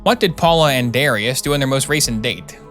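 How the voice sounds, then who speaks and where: A man's voice: medium pitch, animated, brisk, a bit bright, faint music behind, close to an everyday voice. Brief: man doing a dry, mocking doctor from a game, sarcastic and teasing. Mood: sardonic. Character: sardonic male doctor, middle-aged, mocking.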